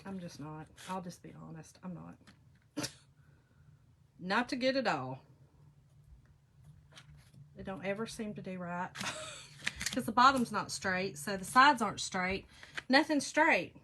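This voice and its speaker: A woman's voice: mid-range voice, lively intonation, slow, long pauses, pushed and bright, a little hiss or hum. A woman hosting a chatty crafting live stream, rambling and laughing as she talks to her viewers while she works. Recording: clicking noises in the background.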